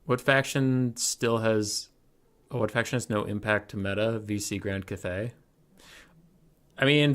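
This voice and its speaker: A man's voice: on the low side, a bit bright. Chatty man streaming a strategy game. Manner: chatty, thinking aloud, muttering. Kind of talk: casual stream commentary.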